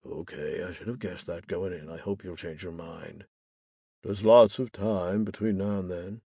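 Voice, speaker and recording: A man's voice: sits low, steady tone, moderate pace, creaky, warm tone, husky, dry recording, studio quality, exaggerated voice. A man voicing a remorseful young man who pleads with his estranged best friend. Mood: pleading. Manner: apologetic, pleading.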